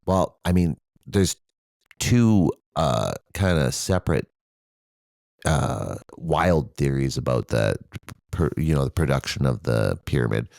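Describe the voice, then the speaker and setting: A man's voice: a bass voice, animated, takes it slowly, creaky, darkish tone, no echo, studio quality. A man co-hosting a podcast, talking casually in a rambling way with frequent swearing and fillers. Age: adult with children. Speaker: podcast co-host. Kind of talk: casual conversation.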